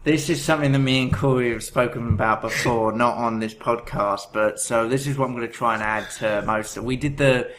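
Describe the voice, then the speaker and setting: A man's voice: mid-range voice, fairly even intonation, brisk, hardly any pauses, fairly bright tone. Casual podcast man, faint background hiss. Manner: rambling, self-correcting, laughs while telling. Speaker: podcast co-host. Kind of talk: casual chat.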